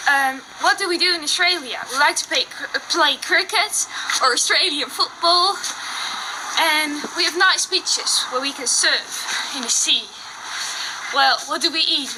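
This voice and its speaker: A high-voiced little kangaroo joey, friendly and chatty, with a Dutch accent, as a schoolgirl puts it on. It pauses on small fillers as it talks. The sound is a hissy, noisy phone recording. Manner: cheerful, hesitant with fillers. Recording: noisy phone-filmed playback.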